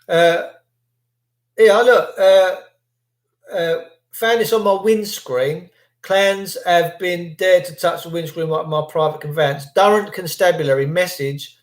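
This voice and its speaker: A man's voice: a little high, measured pace, roomy sound. A British man hosting a livestream, ranting in a sarcastic, indignant and rambling way. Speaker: livestream host.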